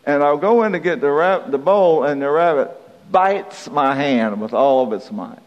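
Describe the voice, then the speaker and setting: A pastor with a voice on the high side preaches at a moderate pace, expressive as he tells a folksy, self-deprecating story and chuckles through it. The recording is from a hall with dull reverberation.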